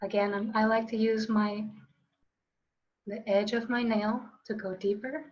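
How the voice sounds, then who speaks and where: Playful woman qigong teacher, kinda high voice, muffled lo-fi audio. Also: fairly even intonation, measured pace. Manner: upbeat, playful, coaching with call-and-response. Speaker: qigong instructor. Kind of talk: online class instruction.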